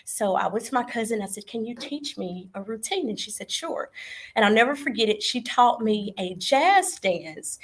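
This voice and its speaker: A woman's voice: fairly high pitch, expressive, normal speed, slightly rough. A young adult woman with a Texas Southern accent, earnestly telling her pageant story as an interview guest on a video call, politely saying yes ma'am.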